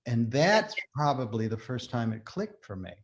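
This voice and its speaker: An older man, a guest in a casual interview, telling stories in an animated way with frequent laughter. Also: medium pitch, normal speed. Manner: animated storyteller, laughs often. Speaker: guest, shoemaker and former performer.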